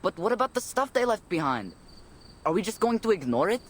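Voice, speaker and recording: A man's voice: high voice, sing-song, brisk, voice pushed up. A man doing a cocky young cavalryman. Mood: impatient. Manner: cocky, mocking. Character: brash young male cavalry soldier.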